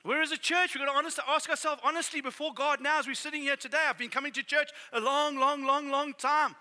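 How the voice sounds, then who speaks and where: A man preaching a sermon in an animated, exclaiming way, sometimes running short of breath. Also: very high-pitched, quick pace, hardly any pauses. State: out of breath at times. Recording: reverberant hall.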